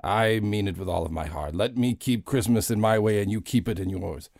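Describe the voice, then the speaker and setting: A man's voice: on the low side, fairly quick, creaky, a little mellow, no echo, studio quality. A man doing a scornful old Scrooge. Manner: scornful, theatrical with a wobbly put-on accent. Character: miserly grumbling old man, hating Christmas.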